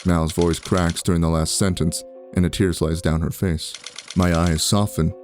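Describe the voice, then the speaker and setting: A man reading a visual novel aloud in a steady first-person narration. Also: sits low, normal speed. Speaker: game narrator. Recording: background music.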